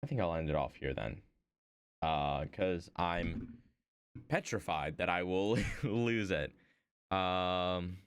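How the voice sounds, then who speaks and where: Young guy chatting slow on his art stream, pitch all over the place, kinda low, rambly and goofy, talks to himself a lot. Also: smooth, dry recording. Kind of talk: casual chat while working.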